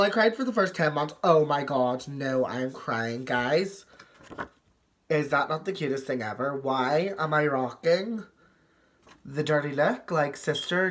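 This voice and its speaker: A man's voice: fairly high pitch, fairly bright tone. A young man in his late teens chatting in a casual vlog, camp, sassy and dramatic, swearing often. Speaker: vlogger.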